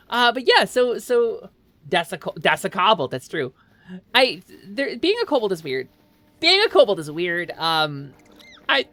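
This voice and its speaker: A woman streamer talks through a live gaming session, bubbly and giggly, wandering from thought to thought. Her pitch leaps up and down in lively swings. Faint music plays softly behind her. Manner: excitable, giggly, rambling. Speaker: VTuber streamer. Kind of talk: casual live-stream chat while gaming.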